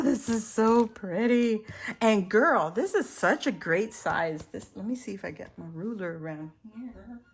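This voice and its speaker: A crafting YouTuber with a mid-range, breathy voice unboxes a haul of handmade crafts she received in the mail. She gushes over each piece, gasping and exclaiming often and laughing between lines.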